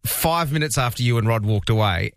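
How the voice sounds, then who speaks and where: An Australian man hosting breakfast radio, brisk and teasing, reading promos and bantering with his co-host. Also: medium pitch, animated, dry recording, studio quality. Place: radio studio. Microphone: studio microphone.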